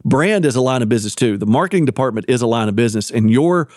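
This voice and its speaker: A man's voice: mid-range voice, lively intonation, very fast, a little mellow, no echo. Man co-hosting, dry close sound. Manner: explains at length, gives business advice. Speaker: podcast co-host. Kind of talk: casual chat.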